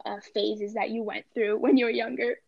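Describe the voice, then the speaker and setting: Teen girl, podcast co-host, bubbly, laughing, high voice, dry sound. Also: flat delivery, normal speed, creaky, no room sound, dull audio. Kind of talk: casual chat.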